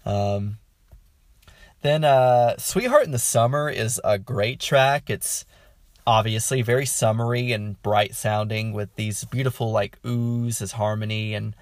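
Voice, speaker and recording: A man talks through an album review in a casual, excited ramble, filling pauses with "um" and chuckling as he goes. His voice sits a little low. The sound is dry, with no room echo. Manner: enthusiastic, rambling, lots of "um"; chuckles mid-sentence. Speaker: music reviewer.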